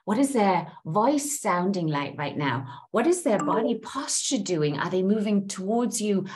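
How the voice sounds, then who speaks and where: A woman leads a group session on how to listen. Her pitch swings widely as she acts out sample phrases. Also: unhurried. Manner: animated, acts out example phrases. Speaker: coach.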